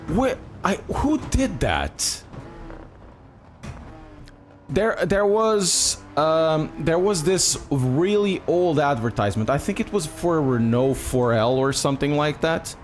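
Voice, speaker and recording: Faint music runs behind a Portuguese man streaming a racing game, who talks freely with his chat and swears often in his Portuguese accent. His voice is on the high side and expressive, slow, with frequent pauses.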